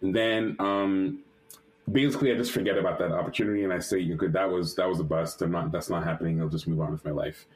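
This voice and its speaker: A male animator, a guest in an interview, telling a personal story lively and acting out the quotes, with many restarts and fillers. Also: sits low, fast talker, poor audio. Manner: lively retelling that acts out quotes.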